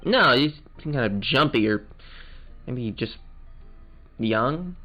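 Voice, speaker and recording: Slow and mid-range with lively intonation, a male let's play host plays and voices the game, chatting casually and cracking jokes. The sound is muffled, with game music in the background.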